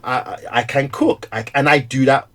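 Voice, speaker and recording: A middle-aged man, a stay-at-home father who also preaches, talking candidly in an animated, storytelling way with frequent laughter. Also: medium pitch, brisk. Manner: animated storyteller, acts out quotes, laughs often. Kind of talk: candid conversation.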